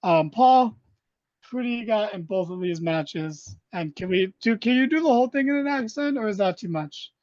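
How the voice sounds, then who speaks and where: A man's voice: high-pitched, lively intonation, normal speed, a little mellow, no echo. A man co-hosting a podcast in casual chat, rambling and joking with lots of fillers and restarts. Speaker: podcast co-host. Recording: dull, dry, lo-fi sound.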